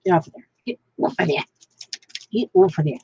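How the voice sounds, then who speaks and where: A woman's voice: on the low side, lively intonation, brisk, a little mellow, husky, no echo, highs cut off. A woman vlogging while she crafts, thinking aloud in a rambling way, trying out names and chatting to the piece she is making.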